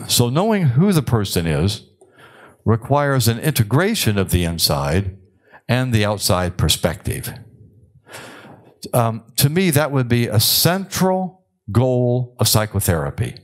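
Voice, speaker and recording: An older male psychiatrist delivers a conference lecture in a chatty, wry manner, pausing often with fillers. His voice sits fairly low.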